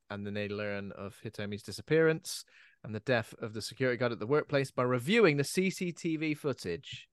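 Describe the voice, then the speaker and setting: A man's voice: medium pitch, fairly bright tone, smooth, no room sound, studio quality. A man co-hosting a podcast, recapping a film plot in a jokey way with lots of fillers. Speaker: podcast co-host. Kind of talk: casual podcast chat.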